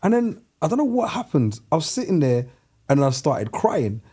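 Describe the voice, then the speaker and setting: A man's voice: a little high, moderate pace, husky. A man, co-hosting a casual group chat and telling stories animatedly. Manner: animated storyteller, acts out his own past words. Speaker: podcast co-host.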